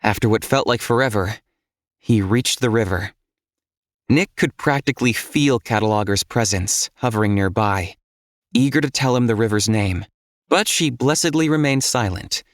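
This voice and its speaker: A man narrating an audiobook in a steady, measured storytelling voice. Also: fairly low pitch, dry recording, clean studio sound.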